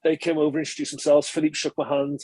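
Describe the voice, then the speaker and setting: A fast, chatty man in his thirties tells stories from his rugby days, his voice slightly husky and pitched a touch high for a man. He wanders through memories with fillers and restarts, sounding close to the mic in a dry, dead room. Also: completely flat delivery, a little mellow, dry recording. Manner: chatty, rambling recollection, frequent filler and self-correction. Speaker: former professional rugby player, podcast guest. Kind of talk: relaxed interview storytelling.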